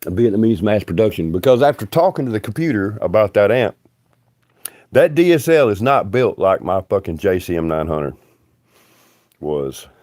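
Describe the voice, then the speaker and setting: A man's voice: fairly low pitch, sing-song, moderate pace, a little mellow, no room sound, studio quality. A man, rambling bluntly and profanely on a livestream.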